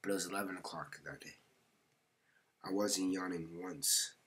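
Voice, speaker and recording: Deep-voiced man doing casual game commentary. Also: fairly even intonation, normal speed, fairly bright tone, slightly rough. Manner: slangy, talks to himself, often drops to a mutter or whisper. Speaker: gaming video creator.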